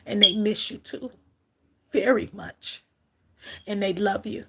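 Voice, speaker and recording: A middle-aged woman gives an emotional, halting spiritual message on a livestream, often calling her viewers "collective.". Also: mid-range voice, very noisy. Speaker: spiritual reader.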